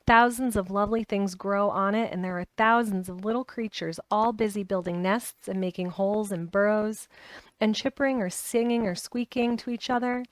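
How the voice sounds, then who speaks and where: A woman's voice: medium pitch, steady tone, normal speed, no room sound, close to an everyday voice. A woman reading aloud voices a blunt, stubborn young girl who speaks plainly and obstinately. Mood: eager. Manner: plain, obstinate, matter-of-fact.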